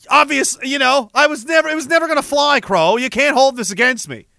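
A young man rambling comedically to a live audience in a profane, animated way, reading viewer messages and breaking into sudden shouts. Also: very high voice, brisk, hardly any pauses, dry recording, clean studio sound. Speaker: live streamer.

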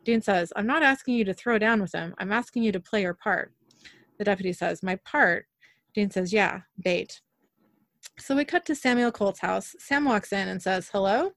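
A woman talks through a TV episode scene by scene, reading the characters' lines without much change of voice. Her pitch sits in the middle, and the recording is dry and close with little room sound. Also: fairly bright tone, dry recording. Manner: narrates scenes briskly, quoting characters in near-own voice. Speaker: podcast host recapping an episode. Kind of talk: casual recap, reading scene lines aloud.

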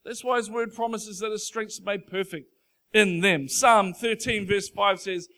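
Pastor: man, high-pitched, earnest, emphatic, slow and weighty on scripture readings, rising to fervent calls. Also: fairly bright tone. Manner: earnest, emphatic preaching that swells into fervent declaration; reads scripture slowly and deliberately. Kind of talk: sermon.

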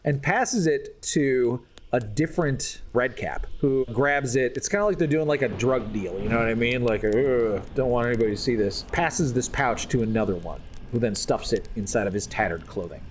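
Loose male game master, animated pitch, casual narration. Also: normal speed, a little hiss or hum.

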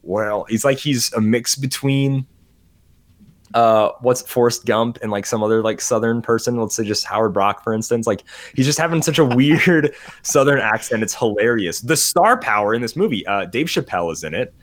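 A man's voice: mid-range voice, moderate pace. A man chatting casually on a podcast about movies he watched, rambling, getting sidetracked and laughing often. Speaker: podcast host. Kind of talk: casual movie review chat.

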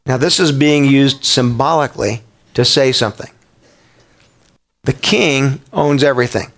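A man's voice: mid-range voice, a little slow, fairly bright tone. A man preaching a sermon as a pastor, talking conversationally, often asking his congregation questions and restarting his words.

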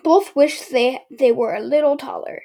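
A woman's voice: high-pitched, moderate pace, creaky, dark tone. A woman hosting a casual home podcast, reading a book aloud with stumbles and sarcastic asides. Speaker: podcast host.

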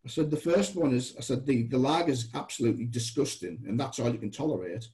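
A middle-aged British man, appearing as a guest, tells casual, chatty anecdotes in a medium-pitched voice at a fast clip. He often restarts and acts out the voices of the people he quotes with animation. The recording is rough.

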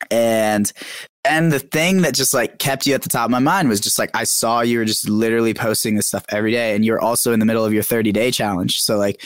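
A man's voice: mid-range voice, no echo, clean studio sound. A young man, a podcast guest, chatting casually and animatedly, full of "like" and "dude". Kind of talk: casual chat.

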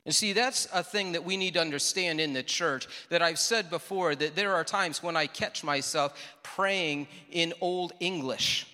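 A man preaching a sermon as pastor, conversational, with dramatic pauses, acting out the lines of the people in the story. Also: on the high side, pushed and bright. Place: church sanctuary. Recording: reverberant church hall.

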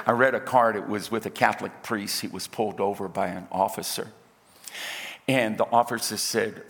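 A man's voice: lowish voice, normal speed, pauses often. A middle-aged male pastor preaching a sermon, acting out dialogue and joking with the congregation. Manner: animated preacher, acts out dialogue and jokes with the crowd. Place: church auditorium. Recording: long hall reverb.

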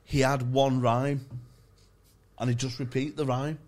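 A man's voice: mid-range voice, little pitch movement, a little mellow. Young man, comedy podcast co-host, sweary anecdotes broken up by laughs. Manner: sweary and laughing, rapid bursts. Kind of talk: casual chat, comic storytelling.

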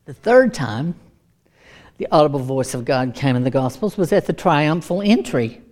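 Woman preacher, sermon, emphatic, repeats points, lowish voice. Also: expressive, moderate pace, darkish tone. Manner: emphatic, repeats key lines.

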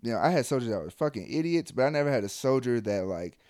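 A man's voice: mid-range voice, animated, quick pace, a little mellow, no room sound. Laid-back soldier man, dry sound. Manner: loose, profane, trailing off into mumbles. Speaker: army soldier. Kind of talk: casual chat.

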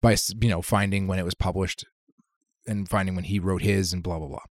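A very low-voiced man co-hosts a podcast in loose, casual chat. He swears freely and rambles through his stories. The sound is dry and close, with no room echo. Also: level tone, a little fast. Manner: profane, rambling storyteller. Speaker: podcast co-host.

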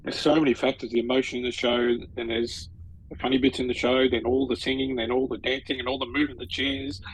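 A man's voice: medium pitch, flat delivery, fast, breathy edge, low-quality recording. An Australian man co-hosting a podcast, talking enthusiastically in casual chat. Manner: enthusiastic, gushing with restarts. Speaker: podcast co-host.

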